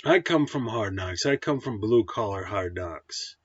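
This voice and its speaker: A movie reviewer rants casually through a blunt, profane, combative film review. His fairly low voice is animated, unhurried, and slightly rough, with no room sound and a dull, dry lo-fi quality.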